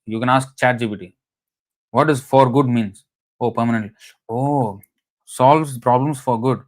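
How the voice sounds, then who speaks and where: A man's voice: medium pitch, steady tone, a little slow. A man giving a conversational scripture lecture, telling anecdotes in a chatty way with frequent "you know"s. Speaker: scripture class speaker.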